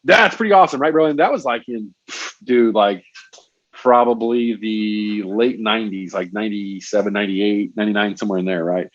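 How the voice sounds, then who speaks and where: A man's voice: fairly low pitch, brisk, no echo. A middle-aged man, a fishing industry guest, telling stories in a casual podcast interview and often calling the host "bro" and "man.". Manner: animated storyteller, frequent "bro" and "man". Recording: dull lo-fi, dry sound.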